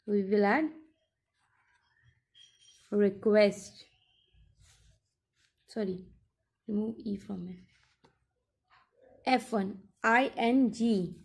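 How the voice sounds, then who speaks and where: A woman teacher explaining workbook exercises in a recorded lesson, slowly and step by step, repeating her instructions. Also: mid-range voice, steady tone, vocal fry, a little mellow, breathy edge.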